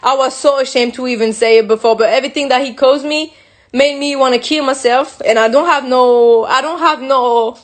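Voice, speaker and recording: French woman frankly recounting, slightly high. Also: steady tone, moderate pace. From France. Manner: emotional and frank, with frequent restarts and slips. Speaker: guest. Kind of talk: candid personal recounting.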